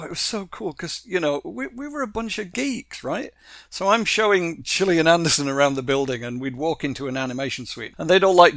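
A man being interviewed, telling animated stories from working in animation, acting out quotes and laughing often. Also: a little high, dry recording, clean studio sound. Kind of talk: casual interview storytelling.

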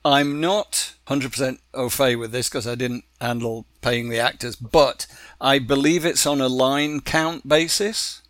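A man in a casual interview, recounting behind-the-scenes stories with bursts of laughter and quick impressions of the people involved. His voice sits at an ordinary pitch, recorded close and dry with no room sound. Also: no room sound. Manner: animated anecdotes with acted quotes and laughs. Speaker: animation producer interviewee.

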